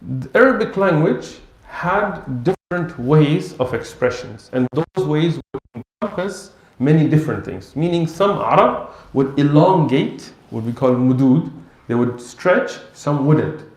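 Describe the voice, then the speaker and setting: A man's voice: a little high, measured pace. Guy lecturing, bouncy storytelling voice, roomy echo. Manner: animated storytelling with acted-out dialogue. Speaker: Islamic teacher.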